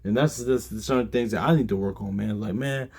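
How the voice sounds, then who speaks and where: A man's voice: fairly low pitch, fairly quick, creaky, a little mellow, husky. A tired man giving a casual Bible study talk, rambling with lots of fillers and reading verses aloud. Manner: rambling, heavy fillers, reads scripture aloud. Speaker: Bible teacher.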